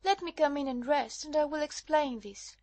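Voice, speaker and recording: A woman's voice: high voice, normal speed, a little mellow, dry recording. A woman playing a breathless, frightened young wife. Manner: breathless, urgent. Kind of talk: dramatized audiobook reading.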